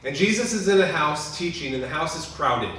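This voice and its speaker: Recorded from afar with a faint hiss, a man's voice booms through an echoey lodge hall as he, a pastor, preaches a heartfelt memorial sermon. His intonation is lively and his pace fairly quick, and he shifts earnestly between loud, pressing lines and hushed ones.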